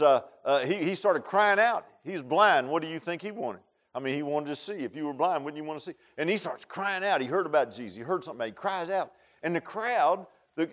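A high-pitched male preacher with a drawl delivers a sermon. His talk is folksy and full of "man" and "huh?", dropping to quiet asides and then climbing to loud, urgent exhortation. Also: moderate pace. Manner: repeats "I'm gonna tell you what" and "man", asks "huh?".

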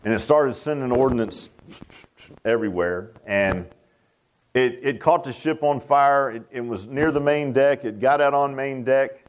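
An older man preaching a sermon in a folksy, animated way, repeating phrases for emphasis. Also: medium pitch, unhurried, slight background noise. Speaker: pastor.

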